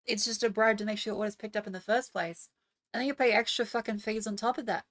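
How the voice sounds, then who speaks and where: A young woman streamer rants in casual livestream chat, swearing heavily and mocking others with put-on voices. She talks fast with a mid-range, fairly even, slightly bright voice, and the recording is dry and studio quality.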